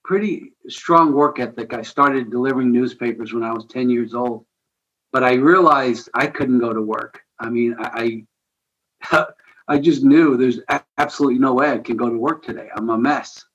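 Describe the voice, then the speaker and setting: A man appears as a podcast guest, a ministry founder recounting a personal story in an earnest, conversational way. He retells it with animation and the occasional chuckle, at medium pitch and a moderate pace, with lo-fi sound.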